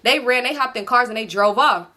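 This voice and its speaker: A woman vlogger telling a story to her viewers in an animated, profane, chatty way. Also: fairly high pitch, a little fast.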